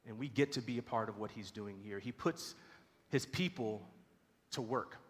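Pastor preaching in a reverberant hall. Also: male voice, lowish voice, normal speed. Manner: storytelling, animated voices for characters. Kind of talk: sermon. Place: church sanctuary.

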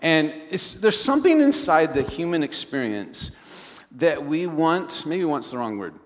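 Animated man preaching in a reverberant hall. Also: mid-range voice. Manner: animated storyteller, often asking the congregation questions. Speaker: pastor. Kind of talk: sermon. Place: large church hall. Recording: long reverb of a large hall.

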